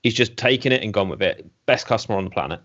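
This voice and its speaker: A man, co-hosting a casual podcast chat and telling lively stories from his work in a vape shop. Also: on the low side, quick pace. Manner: animated storyteller who acts out customers. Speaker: co-host and vape shop worker. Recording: dull lo-fi audio.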